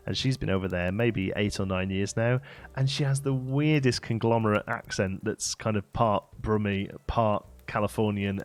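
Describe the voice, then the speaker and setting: A man from England, rambling casually as he hosts a game livestream and answers his chat. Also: mid-range voice. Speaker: livestream host.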